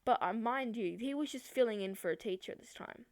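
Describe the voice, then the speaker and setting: A woman's voice: on the high side, brisk, dry recording, studio quality. A woman vlogger telling a personal story in a chatty, rambling way, with many fillers. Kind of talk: storytime vlog.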